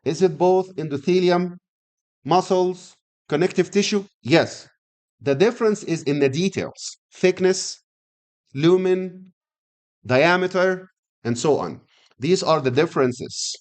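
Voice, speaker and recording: A man's voice: high-pitched, unhurried, a little mellow. A middle-aged man lecturing on anatomy, repeating key terms and asking students frequent questions. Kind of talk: classroom lecture.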